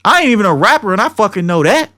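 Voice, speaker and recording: A man's voice: high voice, sing-song, rapid-fire, pushed and bright. A young man co-hosting a podcast, ranting in a heated, profane, slangy and rambling way. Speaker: podcast co-host. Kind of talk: casual podcast rant.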